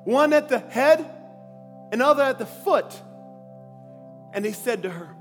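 A man preacher giving a lively sermon in slang, with bursts of shouting. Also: very high-pitched, measured pace, long pauses. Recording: long hall reverb, faint music.

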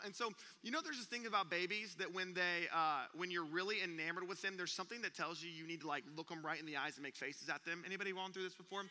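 A young man preaching, an animated storyteller who acts out gasps and sounds during a comic story, speaking in a church auditorium. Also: sits high, fast talker. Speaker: youth pastor. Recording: long reverb of a church hall.

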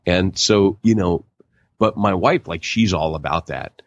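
A man co-hosting a podcast, chatting casually and excitably, laughing often. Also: low-pitched, unhurried, no room sound. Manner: excitable, laughs often, uses "rad" and "dude". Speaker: podcast co-host. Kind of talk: casual chat. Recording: dull lo-fi sound.

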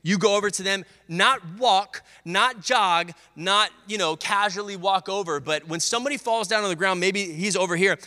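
Energetic young man preaching in a reverberant hall. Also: high-pitched, normal speed, hardly any pauses. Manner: energetic storytelling, acts out voices of teammates and coach. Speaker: pastor. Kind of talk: sermon.

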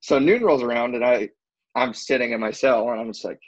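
A man's voice: medium pitch, a little fast, dry recording, lo-fi sound. A young man telling a story to friends in a casual chat, acting out the quotes and swearing freely.

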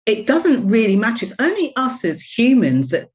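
A woman's voice: a little high, very animated, normal speed, darkish tone. A woman who works as a business coach, speaking as an interview guest and telling personal stories candidly and expressively. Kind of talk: reflective personal storytelling.

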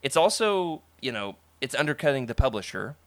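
A man hosting a casual podcast chat, enthusiastic and animated, laughing often as he talks. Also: mid-range voice, brisk, no echo. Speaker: podcast host.

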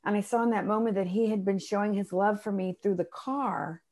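A middle-aged woman telling a personal story in a casual chat, animated and acting out the voices of people she quotes. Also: medium pitch, fairly quick. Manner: animated, acts out voices in her stories. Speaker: guest.

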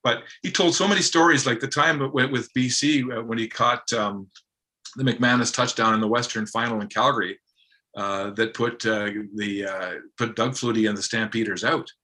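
A man's voice: mid-range voice, normal speed, sharp tone. A man, a guest and former broadcaster, telling fond stories in a loose, rambling way full of fillers. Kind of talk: casual interview chat.

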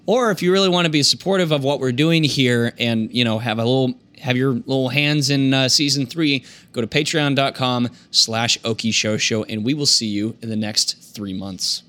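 A man's voice: mid-range voice, moderate pace, hardly any pauses, fairly bright tone. A man hosting a comedy podcast, reading the sign-off in an upbeat, promotional way. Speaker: podcast host. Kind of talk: scripted sign-off.

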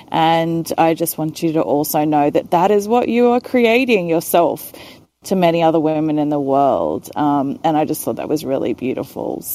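This is a gentle, sincere woman whose voice is mellow and fairly low. She chats casually and adds soft little fillers as she goes. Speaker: listener. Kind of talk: casual chat. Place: online audio chat room.

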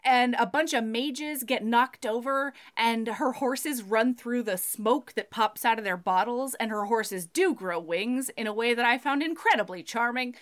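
A woman's voice: a little high, measured pace, hardly any pauses. A woman co-hosting a casual podcast, retelling a book plot in a breezy, profane way. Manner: breezy, profane storytelling with voiced asides. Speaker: podcast co-host recapping a book. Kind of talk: casual chat.

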